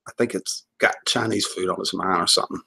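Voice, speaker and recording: A man's voice: deep voice, fairly even intonation, fast talker, creaky, pushed and bright, slightly rough. A man hosting a casual livestream, joking, laughing often and rambling as he greets viewers and reads comments. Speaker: livestream host.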